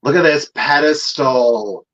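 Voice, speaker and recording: A co-host of a live online vintage sale, counting down bids slowly and thanking buyers by name. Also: mid-range voice, a bit bright. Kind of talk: live online sales chat. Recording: dull lo-fi sound.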